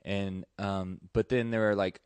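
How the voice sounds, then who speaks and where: A young man in his twenties, a comedian, rambles through profane stories full of fillers. His voice sits low. The sound is close and dry. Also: level tone, measured pace, a little mellow, smooth, no echo. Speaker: stand-up comedian guest. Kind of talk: casual chat, storytelling.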